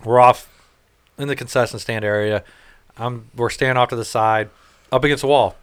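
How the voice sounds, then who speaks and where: A man's voice: mid-range voice, steady tone, normal speed, fairly bright tone, clean tone. A man co-hosting a casual podcast, telling rambling, profane stories with laughs. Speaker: podcast co-host. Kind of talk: casual chat, storytelling.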